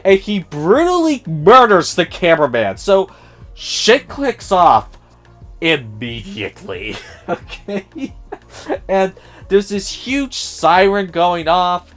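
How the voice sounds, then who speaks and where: Slow-talking sarcastic male film reviewer. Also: sits high, big pitch swings, fairly bright tone, soft background music. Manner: sarcastic, profane, mimics characters in a raised voice. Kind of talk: casual spoiler movie review.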